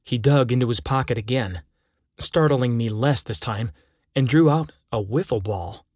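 A man's voice: medium pitch, moderate pace, dry recording, clean studio sound. A man narrating his own first-person story, reading it aloud dramatically. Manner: dramatic storytelling with acted quotes.

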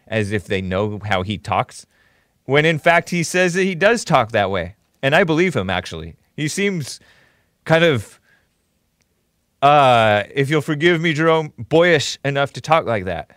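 A man's voice: medium pitch, sing-song, unhurried, fairly bright tone, clean tone, no echo. Sarcastic male live-stream host, dry sound. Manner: casual, sarcastic, scoffing; thanks viewers and reads donations aloud. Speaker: host of a live call-in commentary show. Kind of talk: casual live-stream commentary.

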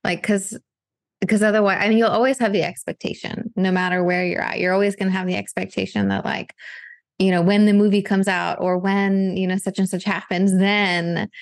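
A woman literary agent and author talking as a podcast guest, thoughtful and relaxed, dotted with filler words. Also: mid-range voice, fairly quick, no room sound, clean studio sound. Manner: reflective, loose with fillers like "like". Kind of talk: casual podcast conversation.

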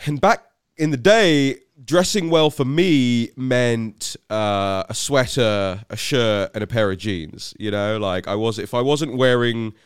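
A man's voice: medium pitch, takes it slowly, clear, resonant tone, no echo, studio quality. A British man from West London, host of a podcast, telling a story in a rambling, self-deprecating way with many restarts. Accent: British English. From West London, England. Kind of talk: casual anecdotal storytelling.

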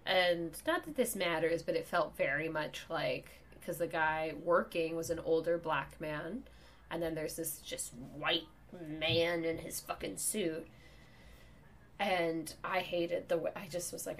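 A young woman with a New York accent telling a story on a casual podcast, animated and swearing, acting out the people in it. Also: lowish voice, normal speed, a little hiss or hum. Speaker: comedian guest.

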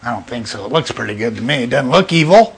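A naive young woman wonders aloud, stammering and hesitant as she talks herself into it, played by a man preaching. Her voice sits at an ordinary middle pitch. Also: expressive, fast talker, breathy edge.

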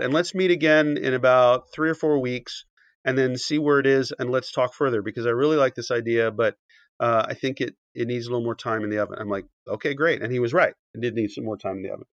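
Animated male guest telling a story. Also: medium pitch, brisk, no room sound. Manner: animated, acts out quoted dialogue, many fillers and restarts. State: briefly choked up. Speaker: podcast guest, author and animation writer. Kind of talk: conversational storytelling. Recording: dull, dry podcast audio.

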